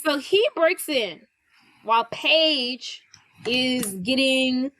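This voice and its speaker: A woman podcast host casually recapping a film plot in a chatty, animated way, with filler words. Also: high voice, drawn-out words, rough recording.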